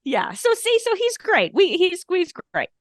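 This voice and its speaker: A woman co-hosting a casual podcast, rambling and laughing as she talks. Her pitch swings widely from phrase to phrase. The sound is dry and close, with no room echo. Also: huge pitch swings, unhurried. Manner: chatty, rambling, laughs often. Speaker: podcast co-host. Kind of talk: casual chat.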